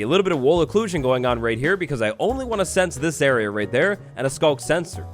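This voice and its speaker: A young man narrates a game tutorial in a playful, upbeat way, sometimes acting out little scenes as he explains. His voice sits a little on the high side. Quiet music plays underneath. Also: animated, quick pace, few pauses. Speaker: Minecraft tutorial host. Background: background music.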